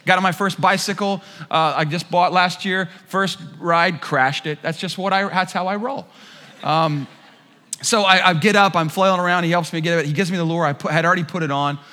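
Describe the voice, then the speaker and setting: Brief: animated male pastor, high bright voice, storytelling sermon in a reverberant church. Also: brisk. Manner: animated storyteller, acts out quotes with shouts. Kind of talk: sermon with a humorous personal story. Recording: long hall reverb.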